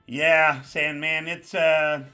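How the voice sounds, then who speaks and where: Animated New York man hosting a livestream. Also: on the high side, extremely slow, clear, resonant tone, faint music behind. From the Bronx. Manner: animated, greets viewers by name, emphatic repetition. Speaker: livestream host. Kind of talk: casual live chat reading comments.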